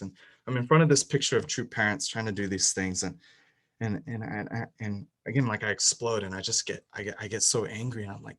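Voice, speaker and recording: The poor-quality audio captures a young man with a fairly low voice giving a faith testimony at a fairly quick clip. He's emotional, restarts many times, and rises and gets louder as the story peaks.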